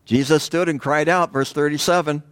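A man preaching a sermon in a conversational way, pausing often and asking the congregation rhetorical questions. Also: a little high, steady tone, clean tone, dry recording. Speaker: pastor.

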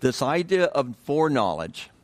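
A man's voice: mid-range voice, sing-song, normal speed. A man leading an informal Bible study, talking in a loose, conversational way. He often repeats words, restarts his phrases and puts questions to the group. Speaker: Bible teacher.

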